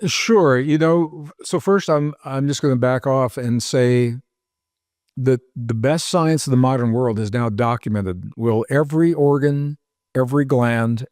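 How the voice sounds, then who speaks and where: An earnest author and researcher answers podcast interview questions at length, explaining things and listing examples. His mid-range voice is a little mellow, recorded cleanly in a studio with no echo.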